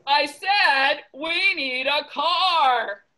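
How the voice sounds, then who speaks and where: A woman voicing a fussy, worried male elephant who bosses and frets, with a bright, slow delivery in a storybook reading. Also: high-pitched, animated, exaggerated voice. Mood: bossy fretful. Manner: bossy, chanting, fretful outbursts.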